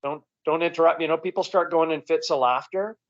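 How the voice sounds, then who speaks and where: Canadian comedian, rambling and relaxed. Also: male voice, on the high side, brisk. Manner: rambling, relaxed, frequent restarts. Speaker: comedian, guest. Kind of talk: casual interview chat. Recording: dull lo-fi recording.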